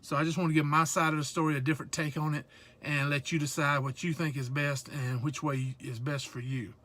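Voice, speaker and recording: A man's voice: on the high side, flat delivery, fairly quick, bright, forceful tone. A man from South Georgia with a Southern accent, chatting casually and joking around in a rambling vlog from his truck. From South Georgia / North Florida, USA. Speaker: truck driver vlogger. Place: truck cab.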